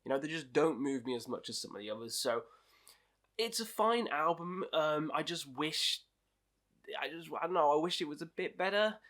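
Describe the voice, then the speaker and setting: A man's voice: on the high side, animated, moderate pace, a bit bright. A man hosting a casual album ranking review, chatty and opinionated, with lots of ums and likes. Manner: chatty and opinionated, with many fillers. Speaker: music reviewer host.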